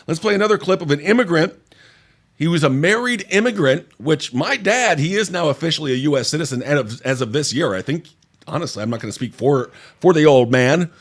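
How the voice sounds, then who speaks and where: A man's voice: high-pitched, lively intonation, normal speed, fairly bright tone. A man hosting a political commentary podcast, blunt, indignant and profane. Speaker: podcast host.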